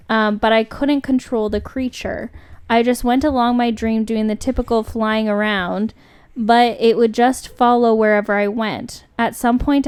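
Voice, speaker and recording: A young woman co-hosting a podcast, chatting casually and then reading a story aloud at a steady pace. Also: medium pitch, clean tone. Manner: chatty, laughs easily, reads with slow steady pacing. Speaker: podcast co-host.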